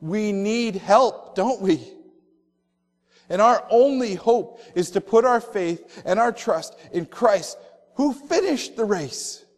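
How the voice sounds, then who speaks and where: A male pastor preaching a sermon, telling stories and slowing down on emphatic phrases. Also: high voice, lively intonation, in a large hall.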